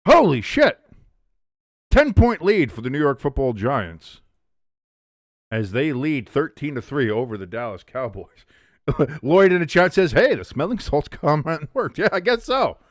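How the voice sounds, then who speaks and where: An excitable man hosts a casual live sports watch-along, his pitch swinging widely as he reacts and reads out viewer comments. He speaks at an unhurried pace. The sound is close and dry, with no room echo.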